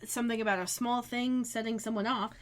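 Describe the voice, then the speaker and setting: A woman co-hosting a podcast, casually retelling a TV episode's plot in a relaxed way. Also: a little high, fairly quick. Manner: relaxed storytelling, narrates plot beats. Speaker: podcast co-host. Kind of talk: casual recap chat.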